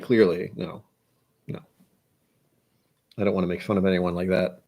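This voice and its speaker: Young American man, whiskey vlog host, casual self-mocking musings, slightly low voice. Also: level tone, normal speed, pauses often, mellow. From United States. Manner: self-deprecating, musing aloud. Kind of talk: casual rambling monologue.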